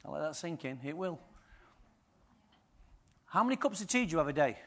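A male pastor preaches a sermon in a slightly high voice, brisk and full of big pitch swings, firing rhetorical questions at the congregation. His volume swings between quiet and loud.

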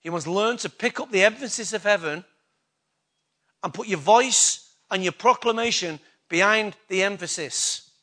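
A man's voice: high-pitched, moderate pace, bright, forceful tone. A man preaching a sermon, emphatic and full of rhetorical questions to the congregation.

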